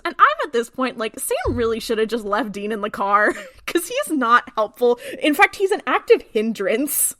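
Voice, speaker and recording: A woman co-hosting a podcast, recapping a TV episode in a casual, animated way and acting out the characters' lines. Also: fairly high pitch, normal speed, no room sound, clean studio sound. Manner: animated retelling, acts out quotes. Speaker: podcast co-host.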